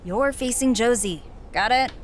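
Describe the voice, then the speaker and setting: A woman's voice: a little high, unhurried, very noisy, natural voice. A woman voicing a cocky young female heel wrestler in a video game, dry and self-assured.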